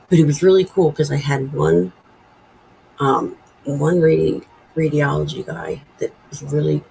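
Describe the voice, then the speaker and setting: A woman's voice: deep voice, gravelly, warm tone, slight background noise, rough recording. A woman in her forties hosting a casual live stream from home, rambling and chatty as she reads viewer comments aloud. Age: 40s. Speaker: livestream host.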